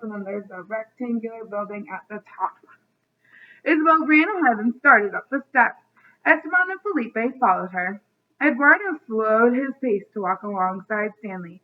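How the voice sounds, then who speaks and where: A kindergarten teacher reads a chapter book aloud to young children, stopping now and then to explain the story. Her voice sits fairly high, and the recording sounds thin and phone-like. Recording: tinny phone-like line.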